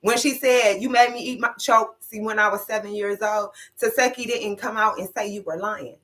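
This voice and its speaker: A woman talks through a reality show scene in a casual, conversational way, relaying who said what. Her voice is bright and forward, and she gets more emphatic as she shares her own take. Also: medium pitch, steady tone, moderate pace. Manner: recounts scenes with quoted dialogue, grows emphatic when giving opinion. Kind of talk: casual recap and opinion.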